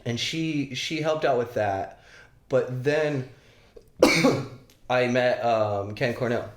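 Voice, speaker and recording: Animated storytelling man, roomy sound. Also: mid-range voice, takes it slowly, a little hiss or hum. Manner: animated, swearing, acts out shouted quotes. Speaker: podcast guest. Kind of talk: casual storytelling. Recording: roomy echo.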